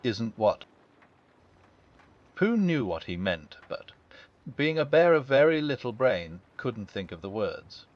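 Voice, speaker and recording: Gentle man reading a bedtime story. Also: mid-range voice, sing-song, unhurried. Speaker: audiobook narrator. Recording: dull lo-fi.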